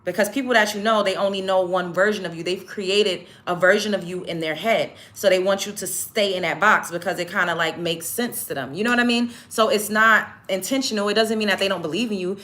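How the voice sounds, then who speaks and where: A woman's voice: medium pitch, a little fast, hardly any pauses, fairly bright tone. A young American woman beauty vlogger talking candidly and emphatically to her viewers while she gets ready, blunt and profane. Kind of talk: casual get-ready-with-me chat. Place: home, in front of the camera.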